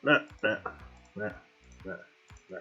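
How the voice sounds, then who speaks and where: A gaming-channel host gives casual let's-play commentary, chatting to himself and the game as he plays. His voice sits lowish and is animated with a breathy edge, at normal speed, recorded through a slightly dull lo-fi home mic with faint music.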